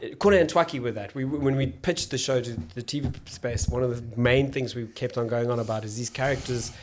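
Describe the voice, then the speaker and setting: A South African man, an actor and comedian, talking as a podcast guest in a thoughtful, halting way, often restarting his sentences. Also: medium pitch, a little hiss or hum. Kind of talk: casual podcast conversation.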